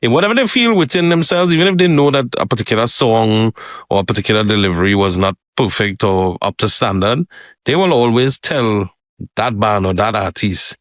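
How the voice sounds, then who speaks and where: Relaxed man chatting. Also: fairly low pitch, a little fast, no echo, clean studio sound. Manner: relaxed, chuckles, talks in long explaining runs. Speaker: podcast co-host. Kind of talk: casual chat.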